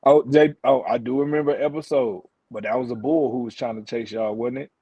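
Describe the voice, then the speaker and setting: A man's voice: medium pitch, steady tone, brisk, dark tone, breathy edge, no echo. A man guesting on a sports talk show, laid-back and laughing in casual banter, over a dull remote line. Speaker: guest, former football player.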